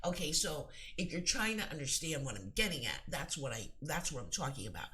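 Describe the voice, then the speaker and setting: A woman's voice: low voice, sing-song, a little fast, sharp tone. Earnest woman giving spiritual advice. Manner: earnest, emphatic, rambling with restarts. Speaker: psychic and spiritual teacher.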